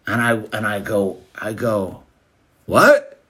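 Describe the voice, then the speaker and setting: A man's voice: lowish voice, sing-song, unhurried, husky. A man hosting a show, rambling casually in a laid-back way and calling listeners "dude.". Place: California.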